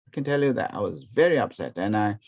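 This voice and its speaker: A man, teaching a ministry training session through lively stories and acted-out quotes. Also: fairly low pitch, fast. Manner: animated, acts out quoted speech. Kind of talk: storytelling teaching talk. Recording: dull, muffled recording.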